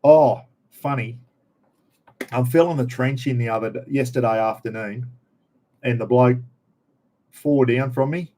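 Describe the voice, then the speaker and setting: A middle-aged Australian man rambles through a casual vlog chat, easygoing and full of slang. His voice sits at an ordinary middle pitch, and he chuckles often as he talks. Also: measured pace, long pauses, dark tone. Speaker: vlogger.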